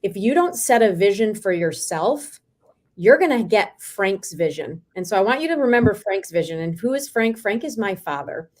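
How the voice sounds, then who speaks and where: A woman in her forties, a real estate team leader, telling lively stories as an interview guest. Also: medium pitch, normal speed. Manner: lively, animated anecdotes. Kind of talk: storytelling in a video interview.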